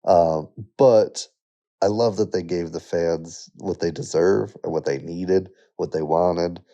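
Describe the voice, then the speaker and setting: A man's voice: sits low, takes it slowly, dark tone, highs cut off. A man in casual podcast chat with an easygoing manner who laughs often. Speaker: podcast co-host.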